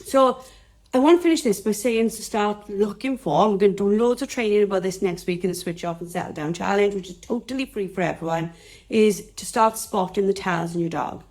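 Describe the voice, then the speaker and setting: A woman's voice: medium pitch, brisk, a little mellow. Chatty Welsh woman teaching live. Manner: chatty, rambling, addresses viewers directly. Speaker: dog trainer hosting a live session. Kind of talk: casual live-stream teaching talk.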